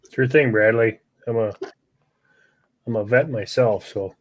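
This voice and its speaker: An easygoing man bantering on a live stream, joking around with the others. His voice is mid-pitched and recorded dry and close, with no room echo. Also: unhurried. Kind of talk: casual live-stream chat.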